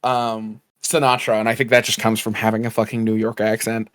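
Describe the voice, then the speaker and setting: A man's voice: on the low side, little pitch movement, a little fast, fairly bright tone, smooth, no room sound. A man co-hosting a casual podcast, laid-back, swearing casually and laughing along, speaking into his own mic over a remote call. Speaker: podcast co-host. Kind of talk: casual chat.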